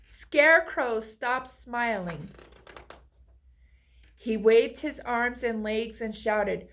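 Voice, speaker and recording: A woman's voice: medium pitch, takes it slowly. A woman reading a children's picture book aloud, asking the listener friendly questions along the way. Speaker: storybook reader.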